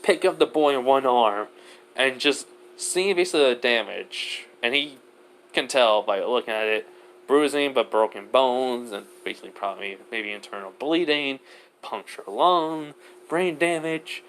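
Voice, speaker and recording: A man's voice: mid-range voice, lively intonation, unhurried, fairly bright tone, a little hiss or hum. A man narrating an improvised fan story in a rambling way, full of fillers and restarts.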